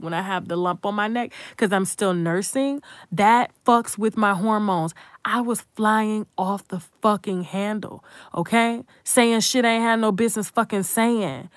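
A woman's voice: medium pitch, dry recording, studio quality. A young adult woman content creator giving a blunt, profane, emphatic commentary rant.

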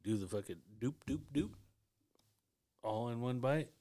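A man's voice: medium pitch, unhurried, dark tone, no echo. A man co-hosting a casual podcast, blunt and enthusiastic, swearing often. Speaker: podcast co-host. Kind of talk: casual chat.

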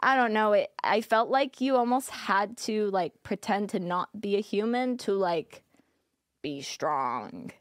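A young woman talks as a podcast guest, her speech loose and candid, peppered with "like" and easy laughter. Her voice is mid-pitched and recorded close and dry. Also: expressive, unhurried, no room sound. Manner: casual, filler-heavy with frequent "like", laughs often. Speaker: podcast guest, former streamer. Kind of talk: candid interview chat.

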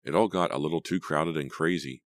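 A man's voice: extremely low pitch, a little fast, no room sound. A man reading aloud as a teenage girl from an audiobook, voicing her tense, defensive lines in a raised voice. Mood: guarded. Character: teenage girl narrator, anxious and guarded.

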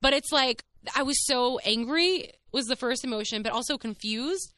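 A woman's voice: high-pitched, moderate pace, a bit bright. A young woman, candidly telling her own story on her podcast in a chatty, swearing, filler-heavy way. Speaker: podcast host. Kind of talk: casual monologue.

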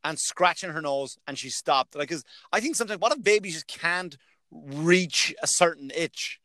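Profane, laughing Irish man, lively. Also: on the high side, moderate pace, no echo. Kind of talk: casual chat.

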